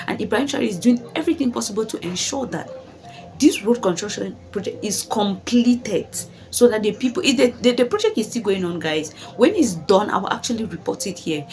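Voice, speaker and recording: A woman's voice: mid-range voice, darkish tone. A woman vlogging commentary who talks emphatically, asks rhetorical questions, repeats her phrases and calls her viewers guys. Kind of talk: commentary vlog.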